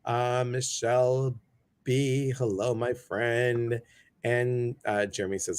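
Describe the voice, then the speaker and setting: A man's voice: mid-range voice, steady tone, a little slow. Chatty upbeat man hosting a livestream. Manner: chatty and upbeat, greeting viewers one by one. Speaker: talk show host. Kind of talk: casual livestream chat.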